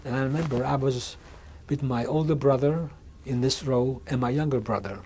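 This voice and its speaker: Halting older man with a mellow voice. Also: mid-range voice, slightly rough. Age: 60s. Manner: halting, with frequent restarts and repeated words. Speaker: interviewee. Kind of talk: oral history testimony. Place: museum interview room.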